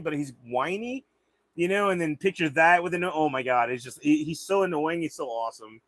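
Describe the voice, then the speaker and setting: A man's voice: on the high side, a little fast, fairly bright tone, no room sound. A man hosting a livestream in casual chat, rambling and swearing freely. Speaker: livestream host.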